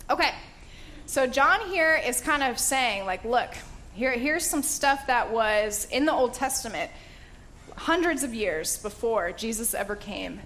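A woman's voice: a little high, fairly bright tone, a little hiss or hum. Chatty, upbeat woman teaching the Bible. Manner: chatty and enthusiastic, with frequent fillers and laughs. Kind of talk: casual Bible study teaching.

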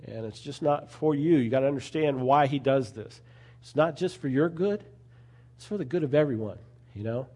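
A man's voice: mid-range voice, mellow. A man preaching a sermon in an earnest, conversational way, often adding asides to his listeners.

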